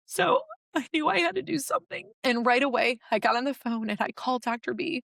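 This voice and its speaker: A woman's voice: high-pitched, lively intonation, brisk, vocal fry, a bit bright, no echo, clean studio sound. A young adult woman, a podcast guest, tells an emotional personal story and acts out her own past words.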